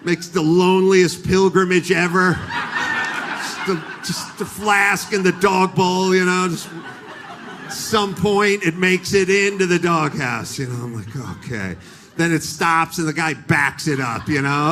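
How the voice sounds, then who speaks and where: A middle-aged man performs stand-up on a live stage. He tells a rambling story and slips into voices for the people in it. His voice is a touch high with a bright, sharp edge, and faint room noise sits behind it. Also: measured pace. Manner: animated storytelling with acted-out voices. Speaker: stand-up comedian. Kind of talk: stand-up comedy set. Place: live comedy stage with audience.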